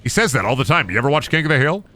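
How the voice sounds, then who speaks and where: Goofy, animated male game streamer. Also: mid-range voice, rapid-fire. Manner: goofy, rambling, sings and jokes. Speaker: gaming streamer. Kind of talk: casual live-stream commentary.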